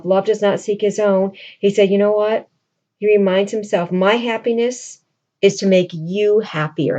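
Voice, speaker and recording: A woman's voice: mid-range voice, warm tone, muffled recording. A woman teaching literature, retelling a classic play to her class in a casual, chatty way full of "like" and "you know".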